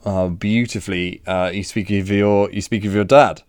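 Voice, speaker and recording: A man's voice: lowish voice, fairly even intonation, moderate pace, darkish tone, dry recording, clean studio sound. A man on a podcast asking questions in a casual, hesitant way, full of ums and restarts. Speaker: podcast co-host.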